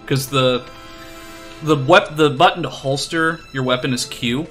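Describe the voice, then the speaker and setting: A man's voice: mid-range voice, measured pace, fairly bright tone, soft background music. A man streaming a video game, chatting casually in a rambling, self-deprecating way with lots of fillers. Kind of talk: casual chat while playing.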